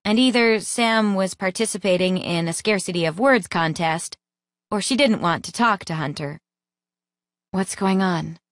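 A woman narrating an audiobook in a lively, expressive reading voice, close to the mic. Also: mid-range voice, normal speed, no room sound. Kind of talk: scripted narration.

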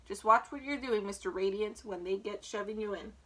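A woman's voice: medium pitch, fairly quick, pushed and bright, breathy edge. A woman reading aloud and voicing a grumpy, selfish male rat in a storybook who complains fussily. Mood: fussy. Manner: fussy, complaining, long lists.

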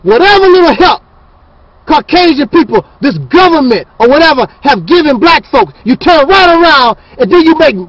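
A man's voice: very high voice, big pitch swings, normal speed, a bit bright, dry recording, low-quality recording. A man hosting his channel, ranting in a fiery, preachy and scornful monologue. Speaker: channel host.

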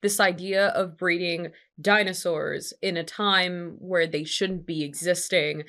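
A woman host, bright and expressive, reacting to a film in a casual, heated way. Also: fairly low pitch, unhurried. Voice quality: animated, expressive, swears freely.

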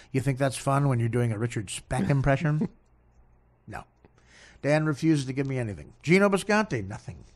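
A man on a comedy podcast, ranting in a self-mocking, exasperated way. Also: mid-range voice.

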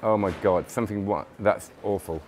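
A man's voice: fairly low pitch, steady tone, moderate pace, darkish tone, a little hiss or hum. A tired man chatting casually in a vlog about magic products, rambling and enthusiastic with lots of fillers and restarts. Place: magic convention hotel.

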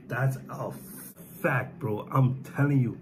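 A man's voice: medium pitch, slow, noisy background. A man, hosting a reaction video with hyped, exclaiming casual commentary. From Guyana. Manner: hyped, exclaiming, shouts of surprise.

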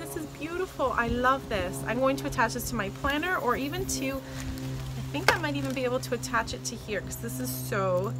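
Her voice sits high, animated and a little fast, heard over loud music and noisy outdoor ambience with insects. She's a woman in her thirties from Canada, a crafting vlogger delightedly gushing and thanking people again and again as she unboxes craft gifts in the sun for a casual happy-mail vlog.

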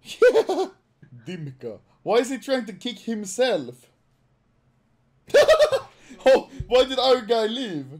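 A man's voice: extremely high pitch, big pitch swings, slow pace. Shrieking, laughing young man on a gaming stream. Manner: laughs constantly, bursts into loud shrieks of disbelief. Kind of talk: excited gaming stream banter. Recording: noisy background hiss.

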